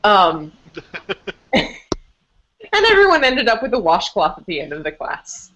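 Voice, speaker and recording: A woman's voice: medium pitch, huge pitch swings, unhurried, fairly bright tone, rough recording. A woman chatting casually on a podcast, earnest and a little hesitant, often restarting her words. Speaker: podcast guest.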